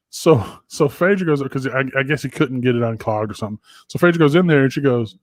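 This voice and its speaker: A middle-aged man co-hosting a podcast from his home office, telling crude stories in an animated, swearing way. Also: mid-range voice, fast talker, hardly any pauses, no room sound. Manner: profane, animated storyteller. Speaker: podcast co-host. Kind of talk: casual chat.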